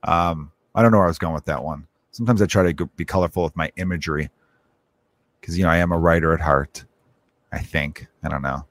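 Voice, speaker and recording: Low-voiced and quick, a comedian in his thirties hosts his own podcast, drifting profanely through an offhand comic monologue. Along the way he stages little scenes and imitates the voices of those he quotes.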